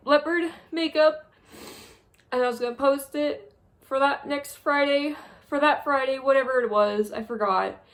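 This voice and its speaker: A young woman vlogging a monthly review from a small spare room, speaking haltingly and wearily while close to tears. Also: a little high. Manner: halting, heavy, emotionally drained. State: on the verge of tears. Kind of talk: tearful monthly review vlog.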